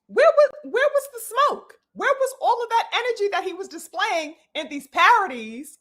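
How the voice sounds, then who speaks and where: A woman's voice: high voice, fairly bright tone. A woman hosting a live-stream boxing commentary, ranting emphatically with profanity and piling up rhetorical questions, addressing her audience like a preacher.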